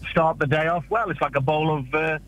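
A man calling in to a radio show, hesitant and flattering as he praises the host. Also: a little high, fairly quick, highs cut off, a little hiss or hum. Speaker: caller. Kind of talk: call-in chat.

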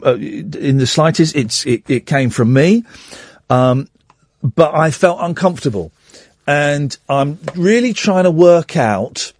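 A man's voice: medium pitch, a little mellow, no room sound. A man hosting a radio phone-in show, talking openly about his feelings and joking with callers in a playfully mock-grand way. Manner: open, self-reflective, playfully mock-grand. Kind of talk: late-night radio phone-in chat. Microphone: studio microphone. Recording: dry studio radio sound.

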